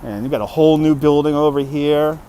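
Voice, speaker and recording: A man's voice: fairly high pitch, brisk, mellow. A man from New York City hosting a casual live-stream walking tour, chatting and joking with viewers as he goes. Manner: chatty, answers viewer comments, jokey. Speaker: livestream host. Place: outdoors on a city street at dusk. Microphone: phone on a handheld gimbal. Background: traffic and street ambience.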